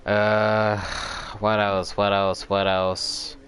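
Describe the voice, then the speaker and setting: A man's voice: on the low side, completely flat delivery, extremely slow, fairly bright tone, a little hiss or hum. A man host casually recapping a video game story, rambling and repeating filler words as he recalls events. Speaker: gaming channel host.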